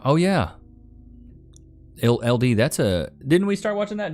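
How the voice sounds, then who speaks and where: This young man's voice runs on the high side, sing-song and unhurried, with a darkish tone. He's a Northeast Texan chatting casually on a live stream, reading out viewer comments in a relaxed Southern drawl, with faint background music.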